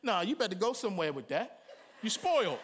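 Animated high-voiced male preacher. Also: a little fast, slight background noise. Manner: animated, humorous, conversational preaching with sudden loud cries. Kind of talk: sermon.

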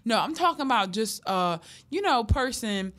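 A woman in casual chat, blunt and animated, acting out quotes as she tells stories. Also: a little high, normal speed. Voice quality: tall.

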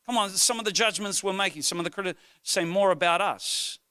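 A male pastor, preaching a sermon through humorous, animated personal stories. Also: sits high, fairly quick, clear, resonant tone, dry recording, clean studio sound.

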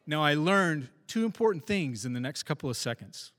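A former police officer telling a wry, self-deprecating story about a fight on the job. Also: male voice, a little high, big pitch swings, normal speed, fairly bright tone, big-room sound. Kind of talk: first-person storytelling.

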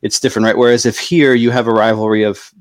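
Low-pitched male guest, thinks out loud, steady and filler-heavy, dry close recording. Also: no echo. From United States. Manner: measured, thoughtful, many fillers. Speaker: podcast guest. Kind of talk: casual chat.

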